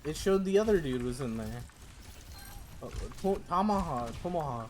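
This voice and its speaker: A man's voice: a little high, animated, moderate pace, slight background noise. A man in his thirties streaming a game, talking casually in a joking, profane, playfully repetitive way. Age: 30s. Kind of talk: casual gaming stream commentary.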